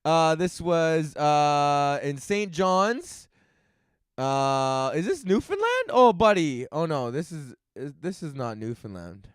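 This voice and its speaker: A man's voice: fairly high pitch, sing-song, slow pace, smooth, no room sound, studio quality. A man hosting a solo comedy podcast, crude and joking, often laughing as he rants. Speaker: podcast host.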